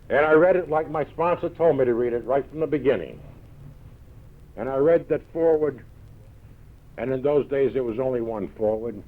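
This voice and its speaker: A man with a New York accent telling gruff, punchy stories to a meeting audience, full of quoted one-liners. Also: mid-range voice. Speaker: recovery meeting speaker. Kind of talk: storytelling talk to an audience. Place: large event hall. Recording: tinny old 1970s tape recording.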